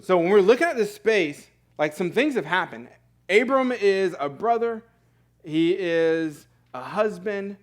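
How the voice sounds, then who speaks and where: A man's voice: high-pitched, animated, unhurried. Earnest young man preaching casually. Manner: conversational, earnest, with frequent fillers and self-corrections. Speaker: pastor. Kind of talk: sermon. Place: church sanctuary.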